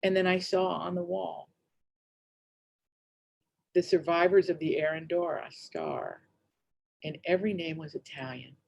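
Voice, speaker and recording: A middle-aged woman giving a keynote speech, telling a story in a chatty, rambling, animated way with quick asides. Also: fairly low pitch, gravelly, dull audio. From United States. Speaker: keynote speaker.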